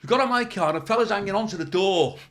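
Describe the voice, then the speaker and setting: A man's voice: high voice, racing, a bit bright. A male comedian telling rambling anecdotes as a podcast guest, swearing freely. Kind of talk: storytelling in a podcast interview.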